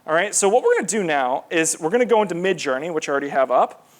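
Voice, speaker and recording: Guy giving a conference talk, kinda high voice, rambly and animated. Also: fast talker. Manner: casual, animated, lots of fillers and repeats. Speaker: conference presenter. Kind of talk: live presentation to an audience.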